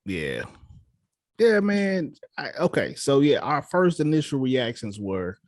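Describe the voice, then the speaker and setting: A man's voice: medium pitch, very animated, slow pace, no room sound, clean studio sound. A man co-hosting a casual podcast chat, talking things through in a reflective, conversational way. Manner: reflective, conversational, repeats "so forth and so on". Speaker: podcast co-host.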